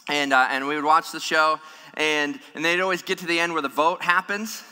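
Male pastor, sermon, bright ringing voice, fairly high, long hall echo. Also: a little fast, clear, resonant tone. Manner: animated, humorous, acts out scripture voices.

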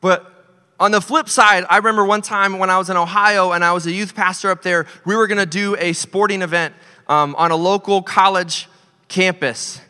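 Animated pastor preaching in a reverberant hall. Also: male voice, high voice, normal speed, clear, resonant tone. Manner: animated, swings from loud to hushed. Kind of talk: storytelling sermon.

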